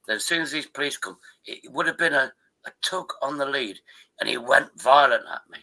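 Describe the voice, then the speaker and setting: Brief: older man in his sixties, sharp bright tone, rambling and sweary, livestream host on a call. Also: mid-range voice, brisk, gravelly, low-quality recording. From Derbyshire, England. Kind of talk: casual chat.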